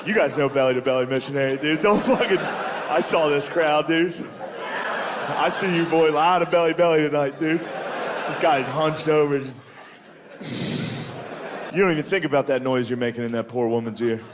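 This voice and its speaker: Male comedian, crude stand-up, chuckles through his jokes, fairly high voice, noisy live recording. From United States. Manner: crude, laughs at his own jokes, says "dude" a lot.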